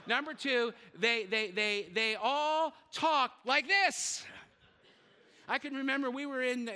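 A man's voice: sits high, pushed and bright, clean tone, long reverb tail. An older man preaching a sermon as pastor, talking in a conversational way with joking asides and often repeating words as he searches for them.

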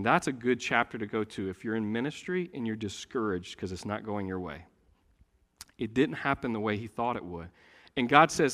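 A man preaching a sermon, telling a story with great animation and swinging between loud and hushed delivery. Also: medium pitch, big-room sound.

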